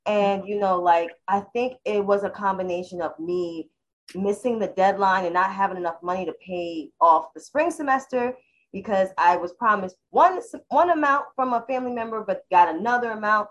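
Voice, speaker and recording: A woman's voice: mid-range voice, normal speed, dull audio. Woman, co-host, candid and rambling storyteller, mid-range voice. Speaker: podcast co-host. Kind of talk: casual chat.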